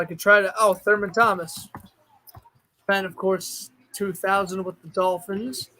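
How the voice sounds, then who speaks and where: A male streamer with a notably high voice talks casually to his chat. He thinks out loud as he goes and now and then breaks into excited outbursts. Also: a little hiss or hum, rough recording. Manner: chatty, thinks aloud, bursts of excitement. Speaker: streamer host.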